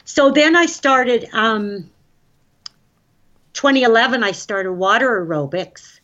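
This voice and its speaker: Chatty, excitable woman on dull lo-fi audio. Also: on the high side, slow pace. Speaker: guest. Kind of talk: casual conversational interview.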